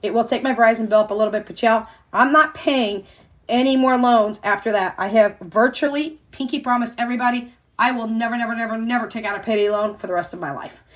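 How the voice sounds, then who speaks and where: A woman's voice: on the high side, fast talker. Chatty older woman vlogger. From Missouri. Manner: chatty, addresses viewers as "y'all", excitable retelling. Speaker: budgeting vlogger. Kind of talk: casual chat to viewers.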